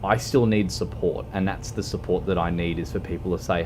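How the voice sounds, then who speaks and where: A man's voice: low-pitched, fairly even intonation, normal speed, noisy background. A man chatting on a game livestream. He rambles and hesitates with lots of ums and keeps joking at his own expense. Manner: self-mocking joker who laughs a lot. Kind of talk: casual stream chat while gaming. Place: at home, wearing a fox costume.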